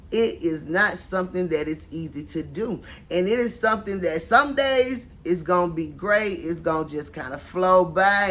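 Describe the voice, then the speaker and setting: Folksy encouraging middle-aged woman coach. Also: fairly low pitch. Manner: folksy, encouraging, speaks straight to viewers. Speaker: mindset coach. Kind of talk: motivational vlog talk.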